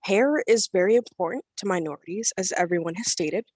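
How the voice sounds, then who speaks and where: A woman's voice: medium pitch, brisk, a little mellow, husky, no room sound, studio quality. A teenage girl from Florida, giving angry, confrontational public comment over a remote video call and speaking bluntly with some swearing. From Florida, USA. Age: teens. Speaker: public commenter at a school board meeting.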